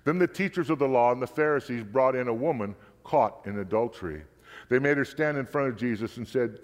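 Man reading scripture in a reverberant hall. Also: medium pitch. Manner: steady, measured narration. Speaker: scripture reader.

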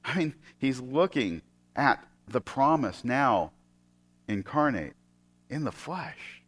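A man preaching a sermon. He retells a scripture story and often drops into soft, hushed tones. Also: mid-range voice, big pitch swings, slow, slightly rough.

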